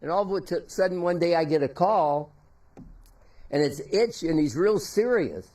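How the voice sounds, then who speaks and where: A man's voice: fairly high pitch, animated, darkish tone. Older man telling folksy memorial stories. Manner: folksy anecdotal telling with halting restarts. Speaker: former teammate giving a tribute. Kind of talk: memorial tribute storytelling.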